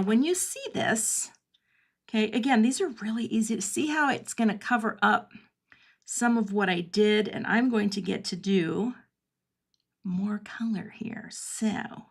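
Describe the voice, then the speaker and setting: A middle-aged woman hosting a casual card-making livestream from her home craft studio, thinking aloud as she works and answering viewer comments. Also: a little high.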